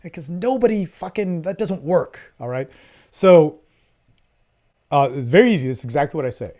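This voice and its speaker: A man hosting a podcast, coaching listeners on dating in a blunt, profane way, swinging between loud emphasis and low murmurs. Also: normal speed. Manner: animated, acts out his own lines in a hushed voice. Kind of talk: casual coaching talk.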